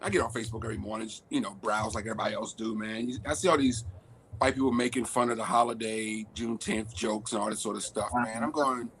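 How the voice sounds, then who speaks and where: A man from Washington, D.C. on a discussion panel, animated and frustrated, laughing as he talks. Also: on the low side, fast, slight background noise.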